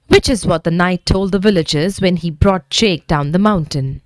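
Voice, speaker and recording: A woman reading a bedtime story aloud to children in a gentle, expressive manner. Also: fairly low pitch, normal speed, hardly any pauses, no room sound, studio quality.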